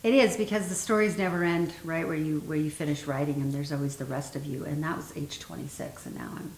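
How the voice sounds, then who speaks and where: A woman's voice: low voice, steady tone, vocal fry. A woman in her fifties, a guest author telling her personal story candidly and emotionally. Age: 50s. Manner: earnest, emotional, pauses with ums. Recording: roomy sound with faint noise.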